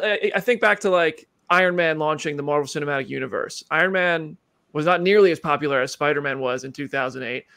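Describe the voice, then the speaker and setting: A man's voice: on the high side, fairly bright tone, dry recording. A man hosting a show interview, enthusiastic and rambling, apologizing for his own jokes. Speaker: show host. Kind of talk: casual interview chat.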